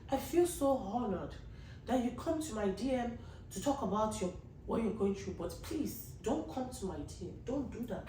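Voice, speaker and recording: High-voiced woman pleading earnestly. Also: lively intonation, normal speed, dark tone, echoey room, far from the mic, a little hiss or hum, poor audio. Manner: earnest, pleading, rambling with many restarts. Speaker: podcast host. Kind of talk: casual monologue to listeners.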